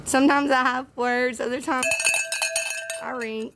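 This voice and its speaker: Woman, Southern accent, teary, emotional, halting, slow, faint background noise. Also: high voice, steady tone. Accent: Southern American. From Southern United States. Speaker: livestream host. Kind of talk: casual livestream chat.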